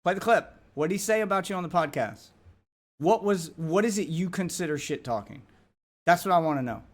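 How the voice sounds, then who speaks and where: A man's voice: high-pitched, animated, a little fast. A man streaming a live reaction, arguing heatedly with the video and swearing often.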